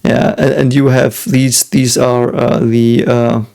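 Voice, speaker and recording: German guy reacting to a show, gravelly voice, lots of uh and um, keeps restarting. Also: mid-range voice, flat delivery, slow pace, a little mellow. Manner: hesitant, full of fillers and restarts, chuckling often. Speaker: reaction video host. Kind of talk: casual reaction commentary.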